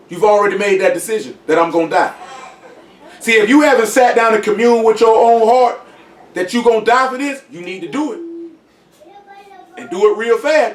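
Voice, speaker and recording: A man talking in a casual group discussion, emphatic and insistent, often asking whether he is understood. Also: high voice. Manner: emphatic, repeats "you know what I'm saying". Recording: echoey room, voice from a distance.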